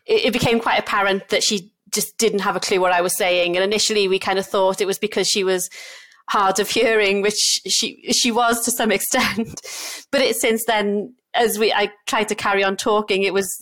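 A woman's voice: mid-range voice, steady tone, moderate pace, fairly bright tone. Young Welsh woman, chatty doctor, rambling anecdotes with ums. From Wales. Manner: chatty storyteller with frequent fillers. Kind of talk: casual podcast chat.

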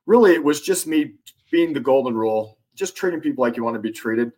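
Fast-talking husky man telling stories. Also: medium pitch. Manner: animated anecdotes with restarts. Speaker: guest, influence expert and author. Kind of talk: storytelling in a podcast interview.

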